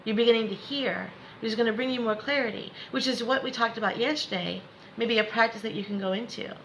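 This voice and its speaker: A woman's voice: a little high, quick pace, a bit bright, slight background noise, rough recording. A woman spiritual coach leading a live guided meditation lesson, encouraging and reassuring viewers by name.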